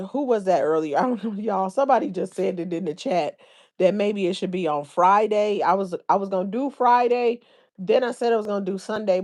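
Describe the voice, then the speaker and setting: A woman hosting a livestream, chatting casually and reading viewer comments aloud in informal slang. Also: mid-range voice. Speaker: livestream host.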